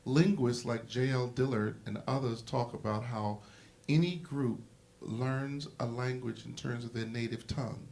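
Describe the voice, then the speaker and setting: A man's voice: medium pitch, fairly even intonation, measured pace, a little mellow. A man moderating a symposium panel, explaining ideas in an emphatic, lecturing way like a history teacher.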